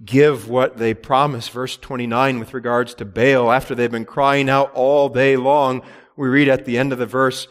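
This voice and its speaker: A man's voice: medium pitch, steady tone, moderate pace. Emphatic preaching man in a reverberant hall. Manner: earnest, emphatic preaching with rhetorical questions. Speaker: pastor. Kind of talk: sermon.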